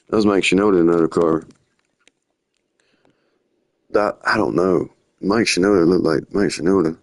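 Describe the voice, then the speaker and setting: Low-voiced rambling young man. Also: steady tone, fast talker, hardly any pauses, no room sound. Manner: rambling, slangy, drifting storytelling. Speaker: livestreamer. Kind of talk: rambling live-stream chat.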